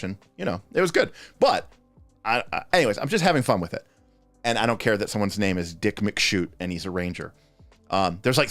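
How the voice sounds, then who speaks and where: Answering game master questions on his livestream, this host speaks in a lowish voice with no echo on the recording. His talk is loose and chatty, wandering around and frequently interrupting itself partway through an idea.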